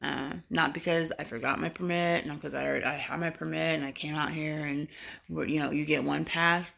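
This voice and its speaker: Low, gravelly-voiced woman vlogger. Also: steady tone, brisk, a bit bright. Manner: rambling, with many fillers and restarts; frank, swears casually. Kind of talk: casual storytelling to camera.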